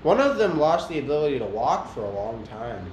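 A young man chatting casually with his siblings, playful and quick to laugh. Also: medium pitch, very animated, darkish tone. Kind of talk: casual chat. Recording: echoey room with faint noise.

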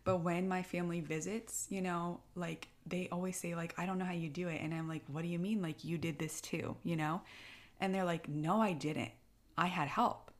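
A woman's voice: on the low side, steady tone, normal speed. A young woman, a military spouse, chatting in a casual, emotional way, tearful and rambling with many fillers. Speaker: podcast co-host, military spouse. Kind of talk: casual heartfelt chat.

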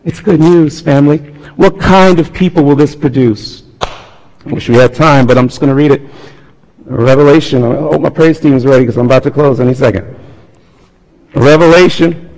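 A male pastor preaching a sermon, swinging between loud appeals and hushed, quiet tones. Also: a little high, normal speed, pauses often. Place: church sanctuary. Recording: long reverb of a large hall.

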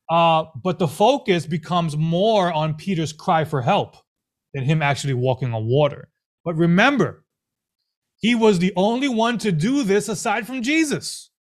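A man preaching a sermon as pastor, animated and full of rhetorical questions and repeated phrases. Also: high voice.

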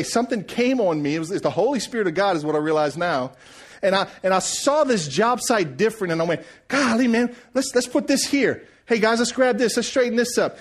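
A middle-aged man preaching a sermon, telling personal stories with call-and-response and acting out sounds and voices. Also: fairly high pitch. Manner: lively storytelling with call-and-response; acts out sounds and quoted voices.

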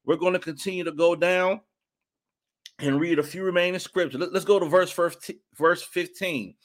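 Fervent high-voiced male preacher. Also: steady tone, brisk. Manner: fervent, with sudden high shouts of praise; colloquial, drops into spoken prayer. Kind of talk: sermon.

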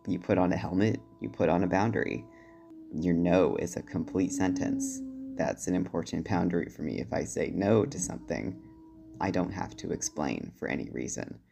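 Deep, gravelly man leaving a voicemail. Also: warm tone. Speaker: voicemail caller. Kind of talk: recorded voicemail monologue.

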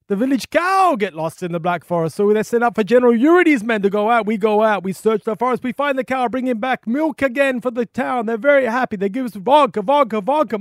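A man's voice: very high voice, no echo, studio quality, pitched above the performer's own voice. A man putting on a mock Russian accent to play a boastful old army general who speaks broken English. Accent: put-on Russian.

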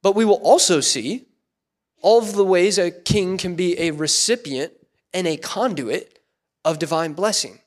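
A man preaching a sermon in a church, animated and playful, acting out voices in quotes. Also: high-pitched, a little slow. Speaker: pastor.

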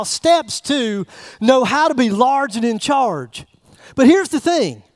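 A man with a strikingly high voice preaches to his congregation, chatty and teasing, asking them questions as he goes. The sound is close and dry, with little room around it. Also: no room sound. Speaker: pastor. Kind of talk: sermon. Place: church.

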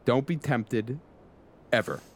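A man's voice: medium pitch, slow pace, gravelly, slight background noise. A man co-hosting a casual podcast, joking around and swearing casually. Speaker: podcast co-host. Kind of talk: casual chat.

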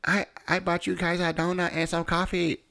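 A man's voice: high voice, completely flat delivery, normal speed, creaky, bright, forceful tone, clear, resonant tone, voice pushed up, exaggerated voice. A man voicing his older mother-in-law, eager and polite, speaking broken English. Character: older immigrant mother-in-law, fussing, offering food.

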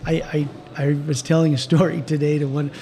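An older man with a fairly high voice tells a story in a loose, rambling way. He restarts his sentences often and laughs lightly as he talks. His tone is casual and friendly. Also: level tone, fairly quick, vocal fry, warm tone. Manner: rambling, with frequent restarts and chuckles. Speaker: guest, team doctor.

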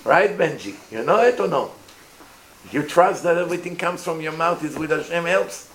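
Animated man, echoey room. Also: on the high side, normal speed. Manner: animated, asks the listeners questions, acts out voices. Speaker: rabbi giving a Torah class. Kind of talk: informal Torah lecture to a live group. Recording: echoey room, faint noise.

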